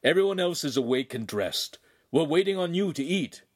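A man's voice: on the high side, expressive, normal speed, slightly rough, voice pushed up. A man voicing a jovial, fatherly older craftsman in an audiobook reading.

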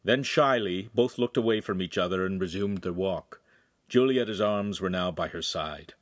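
A man reading a young adult novel aloud in calm, scripted narration. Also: low voice, moderate pace, no room sound, studio quality. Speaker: audiobook reader.

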